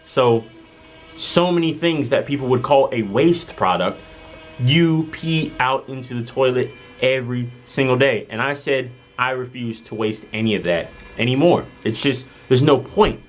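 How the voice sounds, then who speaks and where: A man in a short social media clip, speaking at a middle pitch in an earnest, preachy tone. He keeps tagging his points with little checks for agreement. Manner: earnest and preachy, leans on "you know" and "right?". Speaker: social media video creator. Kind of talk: earnest self-recorded advice video.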